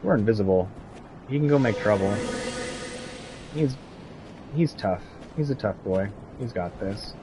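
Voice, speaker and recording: Lively low-voiced man streaming a game. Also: measured pace, long pauses, very noisy. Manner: chatty, talks to chat and to his game companion. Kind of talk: casual gameplay commentary.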